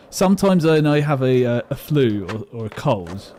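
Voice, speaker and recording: Male streamer, casual chat while gaming, self-mocking rambles, mellow tone, faint background hiss. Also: medium pitch.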